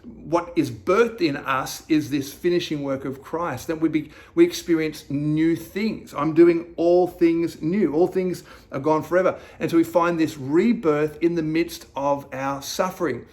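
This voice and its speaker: A man giving a slow, reflective devotional sermon as a pastor, reading scripture aloud and asking the listener questions. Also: a little high, fairly even intonation, a little mellow.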